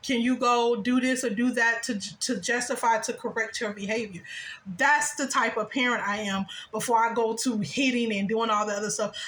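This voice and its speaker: A woman in her thirties talks through a personal story on a casual vlog, animated and chatty. Her voice sits a little high and sounds bright and forward. She is recorded in a room with a noticeable echo. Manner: animated, jumps into high-pitched quoted voices and laughs often. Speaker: spiritual vlogger. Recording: echoey room.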